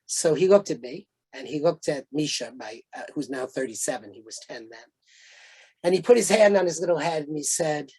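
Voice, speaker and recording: A man lecturing on a video call, telling anecdotes in a relaxed conversational way with frequent fillers and restarts. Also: on the high side, normal speed, slightly rough. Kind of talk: storytelling lecture.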